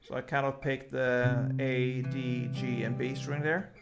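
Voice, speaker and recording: A man teaching a guitar lesson in a casual, relaxed way, calling out chords and explaining how to pick the strings. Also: medium pitch. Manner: slow, relaxed explaining between chord names. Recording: guitar playing loudly behind the voice.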